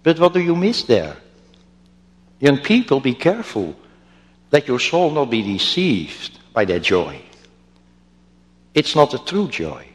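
Slow, lively preaching man in a hall. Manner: slow, emphatic preaching with wide swings in pitch. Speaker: pastor. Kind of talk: sermon. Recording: long reverb of a church hall.

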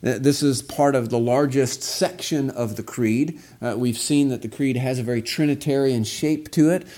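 A pastor delivering a Sunday sermon, reading scripture aloud with slow, emphatic stress on key phrases. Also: male voice, mid-range voice, warm tone.

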